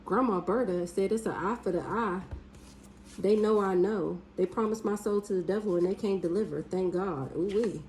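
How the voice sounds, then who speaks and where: A woman doing a casual spiritual reading, blunt and profane, with drawn-out hums and exclamations. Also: medium pitch, a little mellow, slight background noise, low-quality recording. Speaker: spiritual reader.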